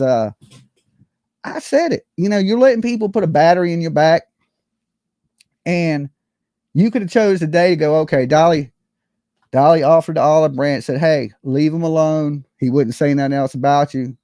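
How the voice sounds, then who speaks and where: A man with a drawl hosts his own call-in stream and rants in a loose, cocky way, full of swearing and jokes. His voice sits a touch high and sounds dry and close to the mic. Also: mellow, dry recording. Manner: boastful, profane, jokey, keeps asking "you know what I'm saying". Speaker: online show host. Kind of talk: casual ranting monologue.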